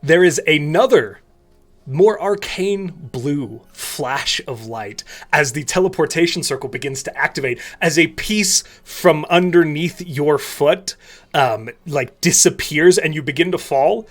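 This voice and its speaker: A man's voice: on the high side, animated, measured pace. Man narrating as game master. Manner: descriptive, loose narration with fillers.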